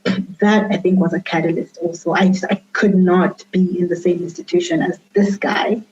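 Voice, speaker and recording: A woman guest telling her own story candidly in a reflective way, often pausing and restarting her sentences. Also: on the low side, steady tone, darkish tone. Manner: reflective, with frequent fillers and restarts. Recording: dull lo-fi sound.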